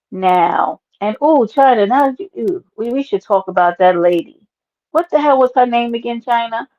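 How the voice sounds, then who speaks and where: A woman hosts a livestream, chatting loudly with viewers and calling them out by name. Her talk is brash and animated, with plenty of swearing. The stream audio sounds dull and lo-fi. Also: mid-range voice. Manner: loud, animated, talks to chat by name, swears. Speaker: livestream host. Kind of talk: casual livestream chat reading comments.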